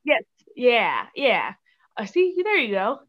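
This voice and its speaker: A woman's voice: fairly high pitch, wildly swooping pitch, slow, highs cut off. A woman from the Chicago area, chatting casually as a podcast guest, with lots of fillers and giggles. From Chicago area, USA. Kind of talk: casual interview chat.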